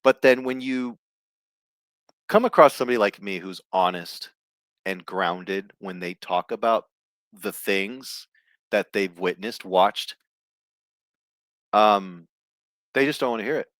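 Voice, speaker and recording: A man's voice: fairly low pitch, slow pace, long pauses, a bit bright, no room sound. Profane, blunt man ranting solo. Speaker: host. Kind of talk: casual ranting commentary.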